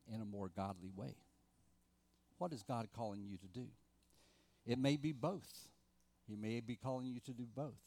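A middle-aged man preaching a sermon, earnest, with rhetorical questions, rising for emphasis and dropping to quiet asides. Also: mid-range voice, no room sound. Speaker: pastor.

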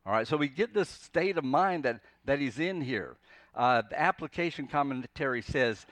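A man preaching a sermon in a conversational way, dropping to a soft, pleading voice when quoting scripture. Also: medium pitch, expressive, moderate pace, no room sound. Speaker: pastor.

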